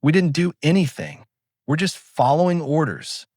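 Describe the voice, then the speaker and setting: A man's voice: fairly high pitch, normal speed, a little mellow, dry recording, studio quality, pitched above the performer's own voice. Panicking young sailor, read by a man. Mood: panicked.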